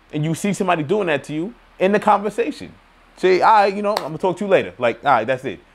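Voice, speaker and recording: A young man giving a motivational monologue to camera, emphatic and slangy, swinging between loud challenges and low asides. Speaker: motivational video host.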